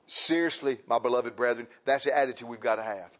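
A man preaching a sermon in a folksy, impassioned way. He repeats phrases and swings between loud and soft. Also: medium pitch, steady tone, fast talker, few pauses, lo-fi sound.

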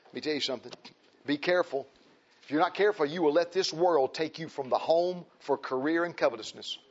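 High-voiced preacher man. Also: a little fast, slightly rough. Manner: emphatic, repetitive, swings between shouting and hushed tones. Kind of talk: fiery sermon. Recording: dull lo-fi recording.

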